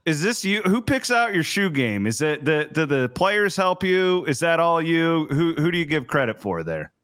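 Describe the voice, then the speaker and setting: A man's voice: fairly high pitch, sing-song, moderate pace, a bit bright, dry recording, clean studio sound. A middle-aged man hosting a podcast interview, asking questions in an eager, upbeat way. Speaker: podcast host. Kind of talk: casual interview chat.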